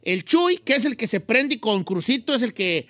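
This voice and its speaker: Male host, high sharp voice, eager and rambling, dry sound. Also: a little fast, no room sound. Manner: excited, rambling, switching between Spanish and English. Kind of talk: casual interview talk.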